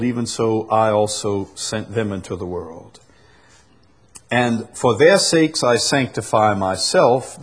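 Male preacher, husky, unhurried, big dynamic swings for emphasis. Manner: swings from loud emphatic peaks to soft low drops, stretches key words. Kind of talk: sermon.

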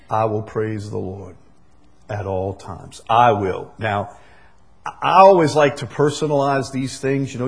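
Husky guy preaching slow, leans hard on repeated lines, loud then soft. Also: on the low side. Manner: emphatic, repeats key phrases, swings between loud and soft. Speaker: pastor. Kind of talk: sermon.

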